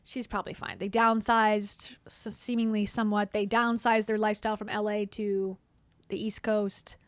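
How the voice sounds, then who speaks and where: A woman's voice: mid-range voice, little pitch movement, normal speed, no room sound. A woman hosting a casual commentary, talking wryly and sarcastically about video clips. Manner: sarcastic, wry asides. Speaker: commentary host.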